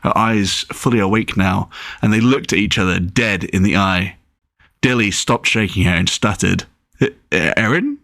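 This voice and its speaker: Low-voiced man reading his own novel. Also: normal speed, gravelly, no echo, studio quality. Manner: relaxed reading with occasional slips and restarts. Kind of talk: audiobook narration.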